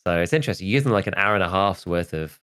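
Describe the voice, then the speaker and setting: A man's voice: low-pitched, animated, racing, fairly bright tone, clean tone. A man in his thirties, a podcast host chatting casually and rambling, with lots of "like" and restarts. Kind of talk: casual chat.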